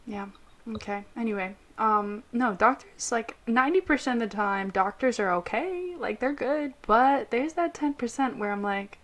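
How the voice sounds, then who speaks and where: A woman's voice: a little high, normal speed, fairly bright tone. A young woman, an interpreter co-hosting a podcast, chatting casually with playful, giggly banter over a remote call. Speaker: podcast co-host, ASL interpreter. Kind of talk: casual chat. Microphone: remote call mic.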